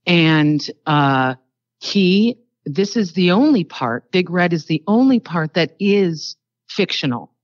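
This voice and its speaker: Older woman, low-pitched, chatty rambling anecdotes, interview guest, dull dry recording. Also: lively intonation, slow, no room sound. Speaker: actress guest. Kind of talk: casual interview storytelling.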